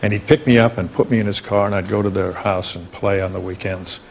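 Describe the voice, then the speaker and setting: An older man, a talk show guest, reminiscing fondly and at an unhurried pace about his past. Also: on the low side, fairly even intonation, gravelly, a little hiss or hum.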